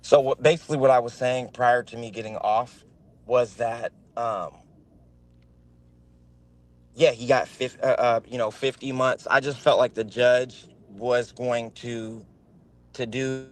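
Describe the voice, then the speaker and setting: A man's voice: mid-range voice, steady tone, measured pace. A man chatting casually on a video call, rambling with many fillers and restarts. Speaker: guest on a livestream. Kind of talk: casual chat.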